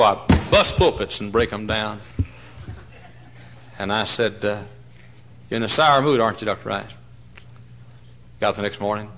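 A middle-aged man preaching a sermon, telling folksy stories and swinging between loud mock-pompous lines and hushed asides. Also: on the low side, vocal fry, a little hiss or hum, rough recording.

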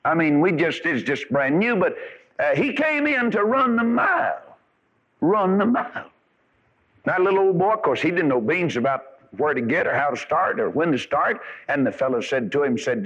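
A man's voice: medium pitch, fairly bright tone, husky. A man preaching a sermon, telling folksy stories with rising and falling emphasis. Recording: dull lo-fi radio broadcast.

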